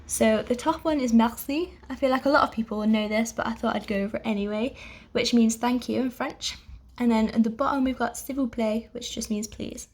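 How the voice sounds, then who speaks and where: A young woman teaching an online language lesson, patient and clear, pausing to let learners repeat after her. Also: on the high side, darkish tone. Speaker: French teacher.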